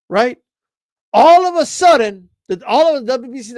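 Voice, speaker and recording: A man's voice: extremely high pitch, lively intonation, normal speed, a little mellow. A man hosting casual boxing commentary, ranting with rhetorical questions and repeated words. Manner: ranting, rhetorical "right?" tags, repeats words, says "bro".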